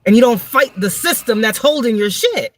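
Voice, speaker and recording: A woman's voice: on the high side, expressive, normal speed. Blunt, profane woman reading tarot. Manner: emphatic, repeats words for stress. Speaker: tarot reader and spiritual advisor. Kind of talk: livestream tarot reading monologue.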